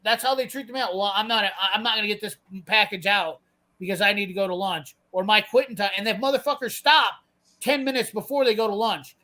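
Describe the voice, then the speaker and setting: A man's voice: high-pitched, brisk, bright, forceful tone, rough recording. A man, ranting profanely and bluntly as he tells a work story in casual chat. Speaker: host telling a work story.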